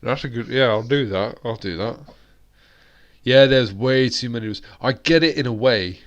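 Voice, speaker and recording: A man's voice: medium pitch, normal speed, highs cut off. A British man hosting a live-stream chat, rambling along with plenty of fillers and restarts. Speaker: host.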